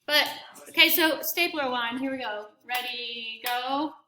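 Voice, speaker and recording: A woman's voice: high voice, measured pace, echoey room, heavy background noise. A woman choir teacher leading a classroom demonstration, upbeat and counting rhythms aloud in syllables. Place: school classroom.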